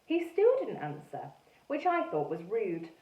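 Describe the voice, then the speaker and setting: A woman teacher reading a storybook aloud in a lively, animated way. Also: mid-range voice, a little slow. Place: classroom or school room. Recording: echoey room, mic far off, dull sound.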